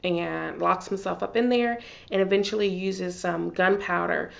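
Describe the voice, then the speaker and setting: Gravelly-voiced woman gushing about TV. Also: on the low side, steady tone, a little slow, muffled recording. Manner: gushing, filler-heavy chatter. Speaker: TV recap vlogger. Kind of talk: casual TV recap.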